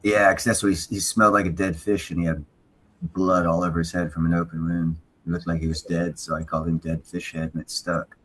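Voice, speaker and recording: A man's voice: low voice, flat delivery, a little fast, fairly bright tone, breathy edge. A man chatting on a casual livestream, blunt and opinionated, swearing freely.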